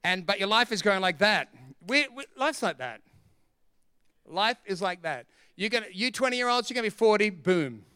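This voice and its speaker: A middle-aged man, preaching a sermon as pastor in an energetic, joking, emphatic way. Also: high voice, moderate pace, clean tone, dry recording, clean studio sound.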